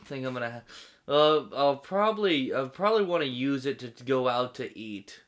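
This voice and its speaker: A man's voice: medium pitch, expressive, normal speed. A man trading jokes in casual comedic banter, breaking into silly impressions and laughter. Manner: joking, bursts into loud put-on voices and laughter. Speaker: podcast co-host doing animal impressions.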